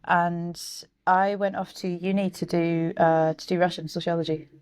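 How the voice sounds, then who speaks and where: A woman's voice: lowish voice, flat delivery, normal speed, darkish tone, clean tone, no echo. A woman in her thirties from Scotland, a journalist talking frankly in a casual interview, swearing now and then and often restarting her sentences. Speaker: journalist and author guest.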